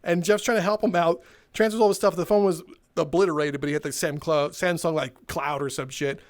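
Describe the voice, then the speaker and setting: High-voiced man laughing through stories. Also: a little fast. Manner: animated, laughs through his own stories. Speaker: gaming video host. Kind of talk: casual storytelling while playing a VR game.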